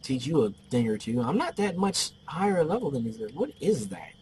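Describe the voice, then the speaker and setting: A man's voice: mid-range voice, big pitch swings, a little fast, darkish tone, rough recording. A man chatting over his gameplay in an easy, rambling way, drifting into jokey stories. His voice sits in a plain mid range, with a faint hum of ambient noise behind him. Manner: rambling, joking storyteller. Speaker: gameplay commentator. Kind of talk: casual gameplay commentary.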